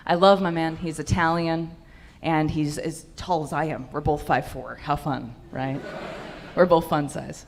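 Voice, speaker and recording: A woman's voice: fairly low pitch, slight background noise. Brash, profane young woman comedian. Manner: brash, profane, punchy delivery. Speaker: stand-up comedian. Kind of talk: stand-up set. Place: comedy club stage.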